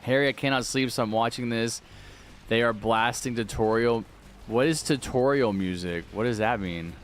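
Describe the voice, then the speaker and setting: A man's voice: mid-range voice, normal speed, a little hiss or hum. A man live-streaming a video game, chatting casually, reading viewer messages aloud and thanking donors. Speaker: livestreaming gamer.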